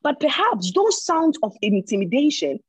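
Woman preacher, sermon, high lively voice, repeats phrases for emphasis, dull lo-fi sound. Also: moderate pace, no room sound. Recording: dull lo-fi recording.

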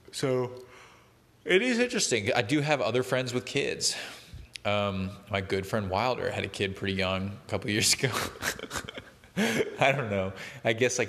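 A man's voice: on the low side, fairly bright tone, long reverb tail. A young man chatting casually to the camera, rambling and breaking off to laugh at his own stories. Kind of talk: casual chat.

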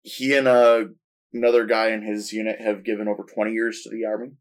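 A man co-hosting a casual film podcast, summarizing a movie plot in a dry, measured way. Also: on the low side, level tone. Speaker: podcast co-host. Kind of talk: casual film review chat.

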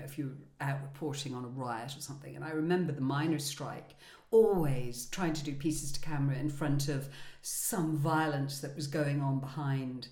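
Woman in her 60s, low voice, laughing storyteller, echoey room sound. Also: a little mellow. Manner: laughing storyteller, self-deprecating. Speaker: podcast co-host, former broadcaster. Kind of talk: casual chat, anecdotes. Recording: roomy echo.

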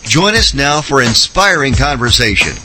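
A man's voice: mid-range voice, sing-song, moderate pace, background noise. A man reading a scripted podcast intro in announcer style. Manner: announcer delivery over music. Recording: intro with music behind.

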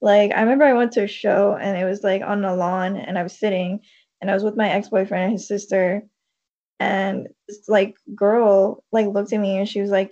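Woman, podcast co-host, casual chat, reflective, gravelly, dull lo-fi recording. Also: mid-range voice, level tone, normal speed, a little mellow. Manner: reflective, lots of "like" fillers. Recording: dull lo-fi mic.

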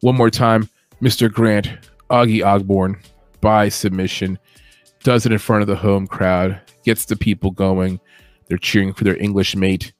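Chatty low-voiced American man breaking down fights. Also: unhurried, no room sound, faint music behind. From United States. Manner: chatty, joking asides, animated emphasis. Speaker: MMA podcast host. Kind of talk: casual fight predictions.

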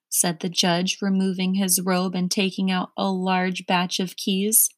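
A woman reading a children's storybook aloud in slow, careful narration. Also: on the low side, completely flat delivery, no echo. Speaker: reader.

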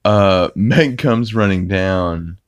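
Recapping an episode, a male podcast host rambles casually with plenty of fillers and restarts. He speaks slowly in a low voice, with no echo.

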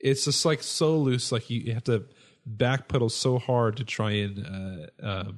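A man's voice: mid-range voice, fairly even intonation, a little slow. A man co-hosting a casual game-review chat who talks in a wry, joking way. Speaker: co-host.

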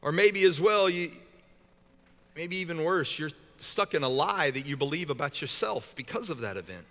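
A man's voice: fairly high pitch, animated, normal speed, fairly bright tone, big-room sound. A man preaching a sermon as pastor, talking in a casual, joking way with frequent stumbles and restarts. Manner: conversational and joking, with many repeated restarts.

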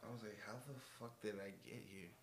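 A man's voice: lowish voice, fairly even intonation, fast. A young man co-hosting a podcast, laid-back and laughing, in slang-filled casual chat. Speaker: podcast co-host.

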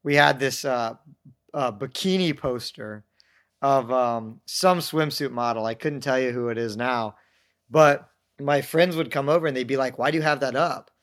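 A man's voice: mid-range voice, measured pace, a bit bright. A young man telling rambling, self-mocking stories in a casual chat, acting out the voices of people he quotes. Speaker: podcast guest telling stories.

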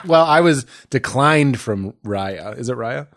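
A man's voice: medium pitch, expressive, unhurried, vocal fry, a bit bright, no echo, clean studio sound. A man chatting as a podcast guest in the host's home, riffing and joking. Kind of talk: casual chat.

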